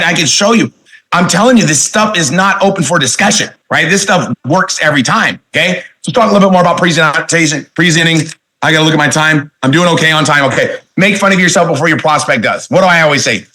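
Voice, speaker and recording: Emphatic man training salespeople, bright voice. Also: on the high side, poor audio. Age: 40s. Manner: emphatic, with many rhetorical questions; plays with inflection, stretching key words. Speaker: network marketing speaker trainer. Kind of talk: motivational training talk.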